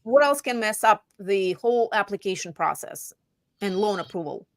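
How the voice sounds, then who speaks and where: A woman real estate agent chatting casually about home buying, animated and voicing her clients' lines. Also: mid-range voice, normal speed, no room sound, studio quality. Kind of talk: casual chat.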